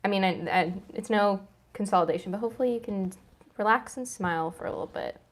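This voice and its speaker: A woman's voice: mid-range voice, fast talker. A young woman co-hosting a live stream, reading out viewer messages and asking simple questions. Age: young adult. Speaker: co-host reading chat comments. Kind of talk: casual chat.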